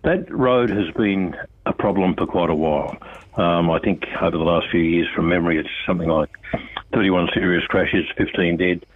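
A man's voice: low-pitched, moderate pace, husky, dry recording. An older Australian man, a road safety campaigner calling into a radio show, talking bluntly and with passion. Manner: blunt, impassioned, addresses an official directly. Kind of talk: on-air phone interview. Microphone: telephone. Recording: tinny phone line.

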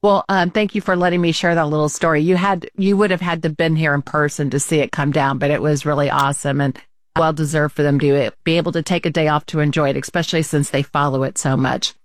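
A woman co-hosting a casual talk show, telling a story with animated quotes and laughs. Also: low voice, fast, no room sound, clean studio sound.

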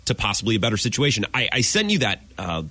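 Fast-talking low-voiced male co-host. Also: big pitch swings, bright, forceful tone, no echo. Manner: analytical, quick, acts out quotes. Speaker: radio co-host. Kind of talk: sports talk radio.

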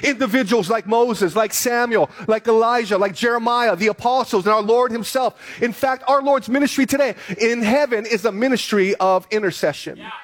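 A man's voice: extremely high pitch, normal speed. A man preaching a sermon as pastor, earnest and repeating key phrases for emphasis.

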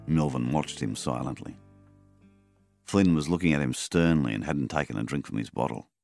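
A man narrating an audiobook in a measured, plain way. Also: a bass voice, gravelly, darkish tone, no room sound, faint music behind. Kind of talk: scripted narration.

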